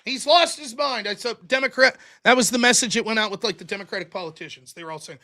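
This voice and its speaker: A man hosting a live-streamed show, ranting through profane, mocking political commentary that swings from shouting to muttering. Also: sits high, fast, few pauses.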